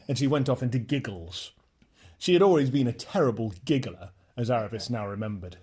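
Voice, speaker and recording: Husky, lively male storyteller. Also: medium pitch, brisk. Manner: expressive storytelling with lively shifts. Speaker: audiobook narrator. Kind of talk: reading a children's novel aloud.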